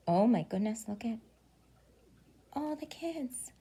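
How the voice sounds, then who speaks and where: A preschool teacher reading a picture book aloud to young children, pausing for gasps and questions along the way. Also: female voice, fairly high pitch, husky. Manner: animated storytelling with gasps and questions.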